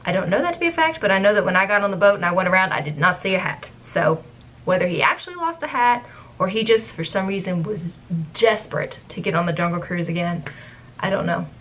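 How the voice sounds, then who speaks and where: Animated young woman telling a story. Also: mid-range voice, fast talker, a little hiss or hum, poor audio. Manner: animated, acts out quoted guests. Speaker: former theme park cast member. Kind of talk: casual storytime.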